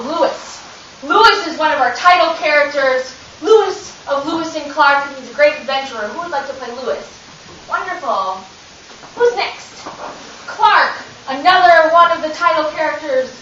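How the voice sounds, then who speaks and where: Bright high-voiced woman teacher, echoey distant recording. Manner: upbeat, encouraging, addresses children. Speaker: drama workshop teacher. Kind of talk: leading a classroom workshop. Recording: echoey, distant, dull lo-fi with hiss.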